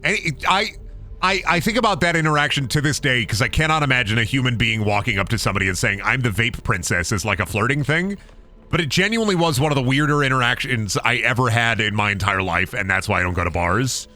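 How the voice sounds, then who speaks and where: A man's voice: medium pitch, fast. A young man streaming a game, who rambles through stories in casual chat and mimics what others said. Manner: rambling, animated storytelling with mimicked quotes. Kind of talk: casual chat while gaming.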